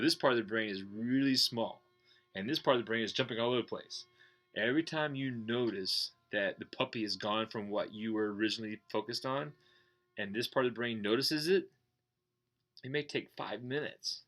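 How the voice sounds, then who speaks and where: A man teaching meditation in a casual, blunt way, swearing and joking, and going soft and slow when he guides the breathing. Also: fairly low pitch. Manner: slows and softens when guiding breathing. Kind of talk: casual explanatory talk.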